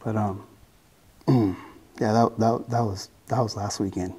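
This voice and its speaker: A man shares his faith testimony in a low, husky voice. His delivery is flat and earnest, and he often breaks off and restarts a thought. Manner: halting and earnest, with many restarts. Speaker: person giving a testimony.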